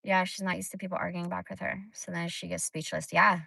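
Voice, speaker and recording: A woman chats on a livestream, venting bluntly with plenty of swearing. Her voice has a bright, sharp edge, and she sits close to the mic. The sound is dry, with no room around it. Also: on the low side, level tone, fast talker, creaky, dry recording. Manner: blunt, profane ranting. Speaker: livestream host. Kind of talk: casual livestream chat.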